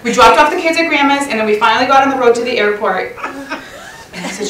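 A woman's voice: a little high, big pitch swings, fairly quick, very noisy. A middle-aged woman telling a chatty, self-mocking story to a church women's session, laughing often. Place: church hall. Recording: roomy hall sound, mic at a distance.

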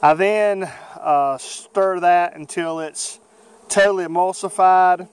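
Out in his bee yard with bees buzzing around him, a man with a Southern American accent walks through a beekeeping how-to video. His high voice is clear and resonant with fairly even intonation, and he talks in a folksy, unhurried way full of fillers.

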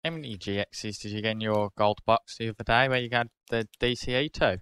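A British man hosting a card-opening video, casually calling out each card and getting excited over good pulls. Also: fairly low pitch, brisk, clean tone. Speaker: card-opening channel host.

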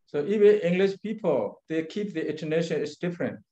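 Monk guy teaching pali in broken english, kinda high voice, dull lo-fi audio. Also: expressive, mellow. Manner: halting English, chanting Pali phrases with careful pauses. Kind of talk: Abhidhamma class.

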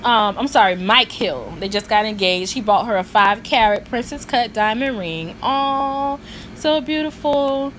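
A woman hosting her own vlog, chatting in an animated, gossipy way about a reality show. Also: medium pitch, moderate pace, few pauses, slight background noise. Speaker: vlog host. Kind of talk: casual gossip commentary.

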